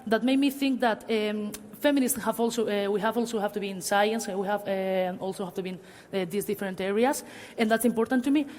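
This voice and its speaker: On a panel discussion at a cultural centre hall, a woman speaks quickly in a slightly mellow, mid-range voice. Her delivery is hesitant and filler-heavy, with long reverb from the hall.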